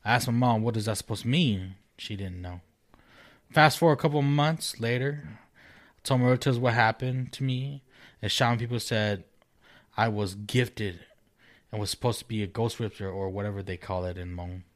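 A man with a lowish voice reads a creepy first-person story in a relaxed, unhurried way. Between passages he drops casual, profane remarks to his co-host. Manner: laid-back, swears casually, animated laughs. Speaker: co-host reading ghost stories. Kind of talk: casual chat and story reading.

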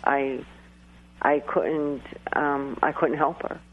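A man's voice: a little high, steady tone, slow, slight background noise. A man, a guest psychic medium, telling a personal story on a call-in interview in a rambling, hesitant way full of restarts. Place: calling in from home in New York. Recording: tinny phone line.

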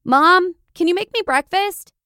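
A woman's voice: very high-pitched, measured pace, pushed and bright, dry recording, clean studio sound, voice pushed up, exaggerated voice. A woman voicing a surly, whining twelve-year-old boy in a story she reads aloud. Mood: whiny. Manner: whining, sulky.

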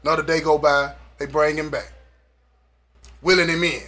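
A man tells a story in a loose, slangy way, acting out what everyone said and laughing along as he goes. His voice sits high and bright for a man. He leans on repeated phrases to drive his points home. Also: moderate pace. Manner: animated, acts out dialogue, laughs often. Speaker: guest recounting prison experience. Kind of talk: casual storytelling.

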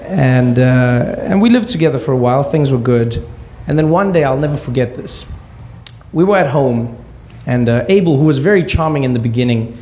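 Gravelly man telling a wry story. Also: mid-range voice, slight background noise. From Africa. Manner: wry, deadpan asides. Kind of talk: comic personal storytelling.

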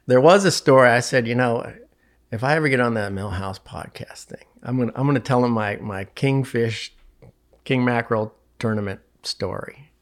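A man who works as a fishing guide, telling a story to a podcast host in casual, animated talk and often repeating words when excited. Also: medium pitch, moderate pace.

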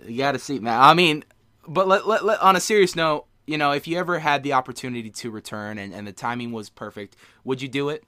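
A man hosting a podcast, earnest and halting, with many fillers. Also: medium pitch, sharp tone. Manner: earnest, hesitant, lots of fillers. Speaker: podcast host. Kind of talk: casual podcast interview.

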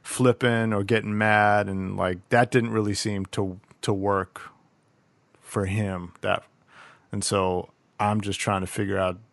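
A man's voice: fairly low pitch, little pitch movement, measured pace, gravelly, dry recording. A man in casual chat, talking reflectively about parenting and thinking aloud with many restarts. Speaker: podcast co-host, parent.

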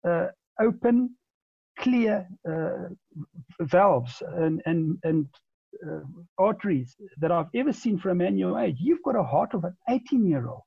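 A man in his forties tells a long story as a podcast guest, often stumbling over repeated words and restarting. His voice is gravelly and husky, pitched a little high, with a dark, mellow tone. The recording is dull and lo-fi. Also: animated, unhurried, dry recording. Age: 40s. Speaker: interview guest. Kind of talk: conversational storytelling.

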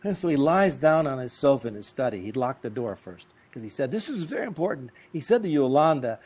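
A man telling lively, comic anecdotes as an interview guest. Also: medium pitch, fairly quick. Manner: lively, animated, comic timing. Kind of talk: anecdotal storytelling.

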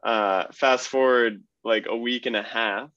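A man's voice: mid-range voice, measured pace, no room sound, lo-fi sound. A man, a cyclist guest, telling a story in casual chat with lots of fillers and laughter. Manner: relaxed, laughs through stories, many fillers.

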